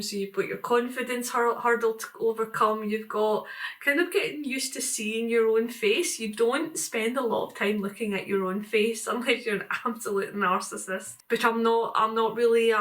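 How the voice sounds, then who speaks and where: A woman's voice: fairly high pitch, a bit bright. A middle-aged woman, talking to camera in a casual vlog, rambling and reflective with many fillers and restarts. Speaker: vlogger.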